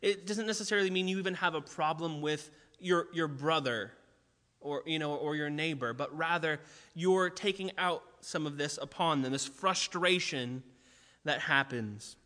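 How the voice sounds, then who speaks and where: Bright-voiced young male preacher in a hall. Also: fairly high pitch, normal speed. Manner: conversational, animated, full of fillers. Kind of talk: sermon with personal story. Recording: long hall reverb.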